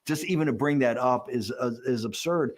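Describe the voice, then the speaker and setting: Speaking at medium pitch, this political strategist shares a behind-the-scenes story during an interview. Quick and animated, he plays out quotes and laughs softly, frequently backing up to restart sentences and repeating words along the way.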